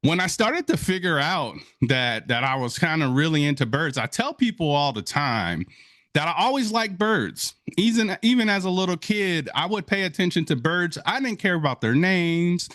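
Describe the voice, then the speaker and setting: A man from Wisconsin giving an inspirational talk as a guest speaker, telling his story with lively energy and acting out his own surprise, calling the audience folks and y'all. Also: fairly high pitch, dry recording, clean studio sound. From Wisconsin, USA.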